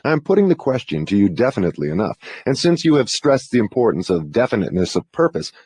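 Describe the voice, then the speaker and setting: A man's voice: fairly low pitch, sing-song, fast, a little mellow, breathy edge, no echo. A man playing a formal, demanding interrogator who questions with insistence in an audiobook dramatization.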